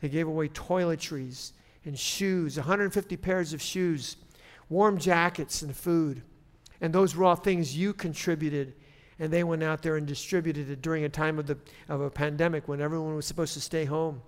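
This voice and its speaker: A man preaching a sermon as pastor, conversational with restarts, rising to loud emphatic preaching. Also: a little high, steady tone, normal speed.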